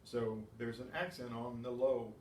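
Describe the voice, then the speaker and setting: A man's voice: mid-range voice, flat delivery, unhurried, darkish tone. Man teaching a class from a distance. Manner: patient, explanatory, asks and answers own questions. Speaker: Spanish teacher. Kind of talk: classroom lesson. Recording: echoey room, distant mic, faint noise.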